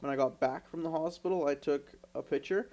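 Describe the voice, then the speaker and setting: A man's voice: a little high, a little fast. A young man from Canada, co-hosting a podcast, telling stories in casual chat with lots of swearing and acted-out quotes. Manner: animated, swears a lot, acts out quotes. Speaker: podcast co-host.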